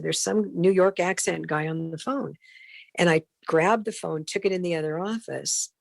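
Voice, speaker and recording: A middle-aged woman, a broadcast consultant, telling animated career anecdotes as a podcast guest and acting out the voices of people she quotes. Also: lowish voice, gravelly, dry recording. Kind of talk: storytelling in a podcast interview.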